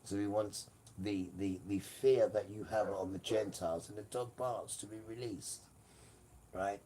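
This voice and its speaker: A man's voice: fairly low pitch, fairly even intonation, measured pace, mellow. A man giving a rambling, emphatic live-stream monologue, often turning to his audience. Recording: distant mic with faint room noise.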